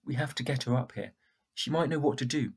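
A man voicing a sharp, stubborn young girl in a storybook reading, in a husky, raised voice. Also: medium pitch, a little fast. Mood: firm, reasoning. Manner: raised, insistent questioning.

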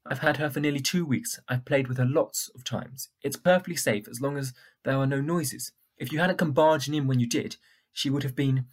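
A man voicing a frightened young boy in a storybook reading, husky and pleading. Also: mid-range voice, moderate pace, natural voice. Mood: defensive. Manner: pleading, defensive.

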